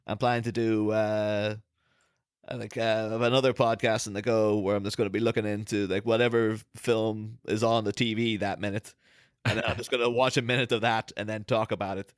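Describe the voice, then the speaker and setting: A man's voice: lowish voice, little pitch movement, fairly quick, clear, resonant tone, no echo, studio quality. A man co-hosting a podcast, rambling with lots of fillers and restarts, laughing as he goes. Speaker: podcast co-host. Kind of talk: casual chat.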